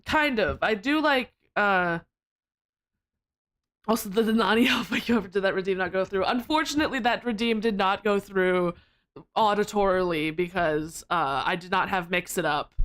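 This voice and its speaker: A woman streamer chatting casually to her live audience, rambling with lots of giggles and jumping up into squeaky protests when flustered. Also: moderate pace, fairly bright tone. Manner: giggly, rambling, with frequent laughter.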